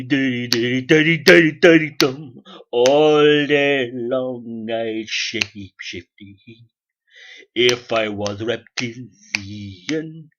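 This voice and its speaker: A man's voice: mid-range voice, lo-fi sound, noisy background. A man singing a show-tune parody as a boastful male reptilian shape-shifter.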